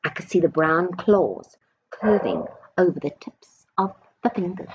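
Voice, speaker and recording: A woman, possibly a teacher, reading a storybook aloud to children slowly and expressively, with dramatic emphasis. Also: on the low side, big pitch swings, dull audio, background noise.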